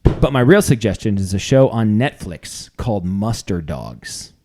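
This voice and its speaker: A man co-hosting a podcast in casual comedic chat, rambling with deadpan, self-mocking jokes. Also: lowish voice, a little slow, slight background noise. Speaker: podcast co-host.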